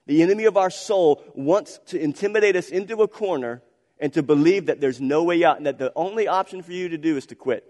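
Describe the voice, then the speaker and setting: Impassioned preacher in a reverberant hall. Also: male voice, sits high, fairly quick, a little mellow. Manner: impassioned, repetitive, rhetorical questions. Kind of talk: sermon.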